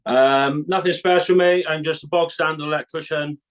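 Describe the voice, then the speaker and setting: A man's voice: fairly high pitch, steady tone, moderate pace, smooth. A man with a South Welsh accent, a guest electrician on a podcast, talking in a modest, laid-back way. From South Wales. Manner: modest, laid-back, calls people mate. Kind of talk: casual podcast chat.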